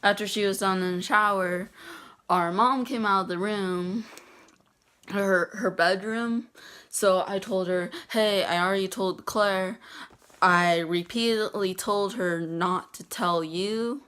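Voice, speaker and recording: A teenage girl telling a prank story in a casual vlog, halting with many pauses and restarts. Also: mid-range voice, a bit bright, smooth. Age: teens. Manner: halting, many ums and restarts, laughs at herself. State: getting emotional, near tears. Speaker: vlogger.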